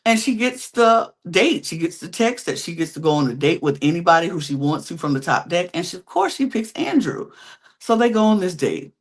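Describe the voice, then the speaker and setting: Animated woman recapping reality TV. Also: on the low side, brisk. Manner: animated, chatty storytelling with slangy quips. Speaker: podcast host.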